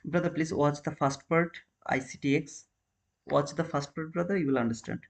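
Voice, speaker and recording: Guy live trading stream, kinda high voice, english, earnest, keeps saying man and brother. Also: normal speed, gravelly. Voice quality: non-native English, repeats phrases. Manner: earnest, questions viewers, calls them man and brother.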